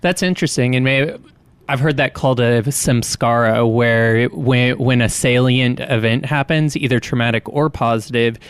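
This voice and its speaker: A man hosting a podcast interview, calmly explaining an idea from his coaching practice. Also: mid-range voice, moderate pace, smooth, dry recording.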